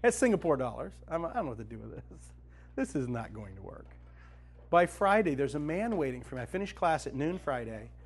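A man's voice: medium pitch, very animated, fairly quick, slightly rough. A male Christian speaker and author telling a personal faith story to a group, acting out the dialogue with self-mocking humor.

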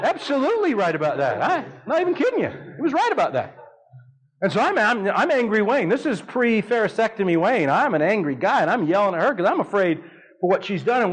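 A man in his fifties preaching a sermon, telling a family story with animated delivery and leaps of voice for dramatic quotes. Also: high-pitched, fast talker, slightly rough, poor audio.

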